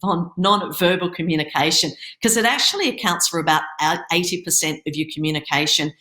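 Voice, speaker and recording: A woman with a fairly low voice talks through presentation tips in an instructive coaching tone, now and then tripping over a word. She speaks over a video call. Her voice bounces around a roomy, echoey space. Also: a little fast, bright, forceful tone. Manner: instructive, coaching tone with occasional stumbles. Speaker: startup accelerator program manager giving a pitching workshop. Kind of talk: online presentation.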